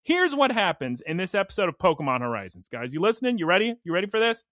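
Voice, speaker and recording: A man co-hosting a podcast, excitedly recapping an episode with hyped, animated storytelling. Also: high-pitched, fast, no room sound, studio quality. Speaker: podcast co-host.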